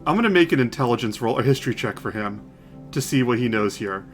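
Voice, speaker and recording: A man narrating as game master of a tabletop game, halting with many fillers and restarts, with music faintly behind. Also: mid-range voice, expressive.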